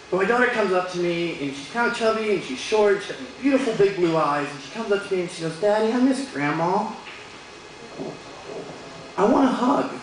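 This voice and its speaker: A man's voice: high-pitched, a bit bright, a little hiss or hum. A man doing a stand-up comedy set in a bar, telling joking stories about his kids and putting on funny voices for them. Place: bar stage. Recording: very echoey bar room with crowd ambience.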